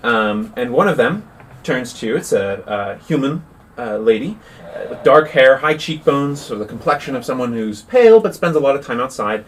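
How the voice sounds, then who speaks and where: A man narrating as game master with a relaxed, halting delivery full of fillers. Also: medium pitch. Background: faint music.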